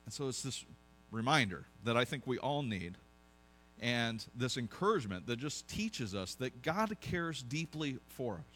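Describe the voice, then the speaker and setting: A man's voice: medium pitch, very animated, unhurried, fairly bright tone, soft background music. A pastor preaching a conversational sermon to his congregation, asking them questions as he goes.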